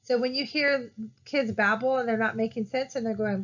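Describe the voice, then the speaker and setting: A woman's voice: fairly high pitch, moderate pace, a bit bright. Woman instructor, recorded lecture, explanatory and repetitive, muffled lo-fi audio. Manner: explanatory, repetitive, frequent fillers and restarts. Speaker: college instructor.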